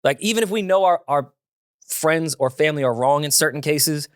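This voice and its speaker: A man's voice: on the high side, a little fast, no echo, studio quality. A man co-hosting a podcast in casual chat, blunt and profane, often talking over the others. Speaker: podcast co-host. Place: podcast studio.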